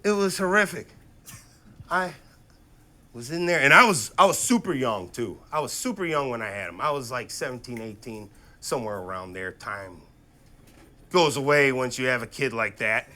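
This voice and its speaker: A man in his thirties doing a profane stand-up comedy set, swinging between loud outbursts and low, muttered asides. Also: expressive, moderate pace. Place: comedy stage before a live audience.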